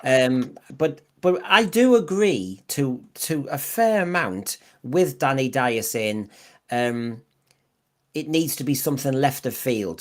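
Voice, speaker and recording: Guy hosting a podcast, keeps tripping over his words and restarting, super casual. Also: medium pitch. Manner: repeats words and restarts often, reads out viewer comments. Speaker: podcast host.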